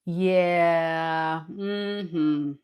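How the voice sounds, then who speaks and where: A woman with a slightly low voice talks through a tarot reading in a loose, chatty way. She speaks straight to the viewer and slips into dramatic asides as she acts out the other person's thoughts. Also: fairly even intonation, very slow, a little mellow, clean tone. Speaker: tarot reader. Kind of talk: casual tarot reading monologue.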